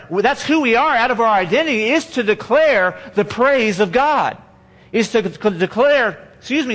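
A man with a notably high voice delivers a sermon from a church microphone. He talks like he's chatting with the congregation, restarting sentences and repeating key words for emphasis, with playful asides. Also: fairly bright tone. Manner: conversational, repeats and restarts phrases, joking asides. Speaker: pastor. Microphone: handheld or stage microphone.

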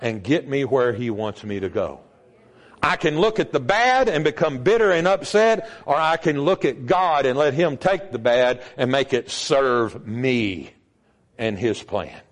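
An older man preaching a sermon as pastor, emphatic, with sudden jumps in pitch and volume. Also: sing-song, a little slow.

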